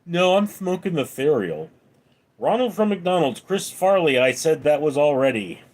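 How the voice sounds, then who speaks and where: Male streamer, up late, reads chat slowly and fires back dry quips; a fairly high voice that swings widely in pitch. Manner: deadpan quips between read-out comments. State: up late at night. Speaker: livestream host reading chat. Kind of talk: casual live-stream chat reading.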